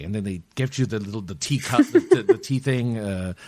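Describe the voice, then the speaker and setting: A man with a low voice rambles through a casual podcast chat, his pitch leaping up and down as he jokes. He restarts sentences and drops into brief silly voices. The sound is close and dry, with no room around it. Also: huge pitch swings, a little mellow, dry recording. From United States. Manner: rambling, jokey, with quick put-on voices. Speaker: podcast co-host.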